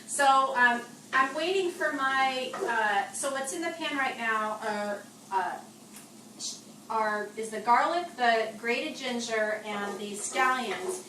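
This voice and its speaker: A woman's voice: on the high side, slow, pushed and bright. Upbeat woman hosting a live cooking stream. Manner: upbeat, narrates what she is cooking. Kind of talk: live cooking show chat. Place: home kitchen. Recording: echoey kitchen, distant mic, faint noise.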